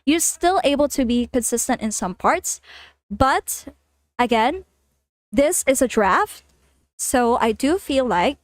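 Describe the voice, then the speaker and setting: High-voiced giggly woman streamer. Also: dry recording, studio quality. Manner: giggly, laughs often, repeats herself. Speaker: vtuber streamer. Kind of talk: casual livestream reading and commenting.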